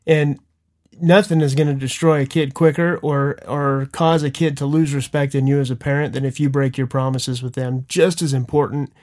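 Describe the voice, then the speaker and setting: A man co-hosts a relaxed podcast conversation with an ordinary mid-range voice. He answers his partner with quick agreeing replies, then lays out his own points. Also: mid-range voice. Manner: chimes in with short agreeing replies. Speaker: podcast co-host. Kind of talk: casual chat.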